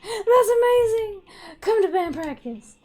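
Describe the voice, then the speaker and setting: A woman's voice: extremely high pitch, expressive, a little slow, soft background music, voice pushed up. Woman doing a shrieking, hyper young fox guy. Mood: overjoyed. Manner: shrieking, overjoyed yelling.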